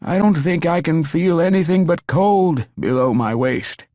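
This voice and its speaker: A man's voice: a little high, lively intonation, a little mellow, dry recording, clean studio sound, voice pushed up. A man voicing a dying, wounded older man who speaks in strained, breathless pleas in an audiobook. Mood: dying, urgent. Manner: strained, slow and breathless pleading. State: fading and breathless. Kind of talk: audiobook character voice.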